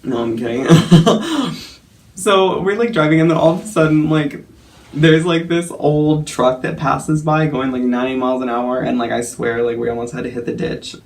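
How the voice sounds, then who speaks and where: Young guy rambling through a story for his vlog, lots of likes, kinda gravelly fry. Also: on the high side, normal speed. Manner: chatty, filler-heavy, self-mocking, laughing. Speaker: vlogger.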